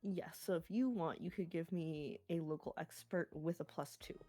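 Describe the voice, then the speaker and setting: A woman narrating a tabletop role-playing game as game master, explaining scenes and rules in a relaxed way. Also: on the low side, moderate pace, soft background music.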